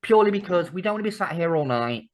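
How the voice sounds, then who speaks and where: Chatty and sweary, a woman co-hosts a podcast in casual conversation, laughing often. Her voice is lowish and expressive, and she talks fast.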